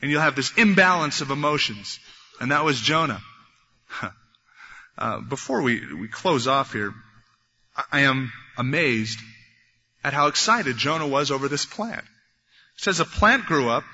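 A man preaching a sermon, animated, acting out the voices of biblical figures as he goes. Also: a little high, normal speed, breathy edge. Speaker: pastor. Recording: dull lo-fi recording in a reverberant hall.

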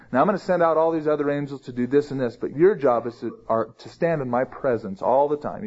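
A man's voice: on the high side, a little mellow. Lo-fi recorded man teaching scripture. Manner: conversational, rising emphasis on key phrases. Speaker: pastor. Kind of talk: verse-by-verse Bible teaching. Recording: dull lo-fi sermon recording.

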